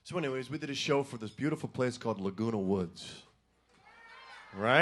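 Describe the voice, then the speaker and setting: A man's voice: medium pitch, animated, moderate pace, a bit bright, a little hiss or hum. A middle-aged man fronting a band, chatting and joking with a live audience between songs on a stage mic. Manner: joking, chatty, breaks into sung examples. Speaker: singer and frontman. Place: live music venue stage.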